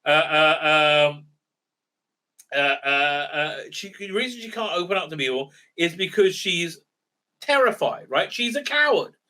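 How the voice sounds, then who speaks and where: A sarcastic man recapping an episode in a loose rant. His voice is high and sharp-edged, and he rambles through fillers and keeps tossing in tag questions. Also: very animated, unhurried. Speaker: video reviewer. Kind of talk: ranting recap review.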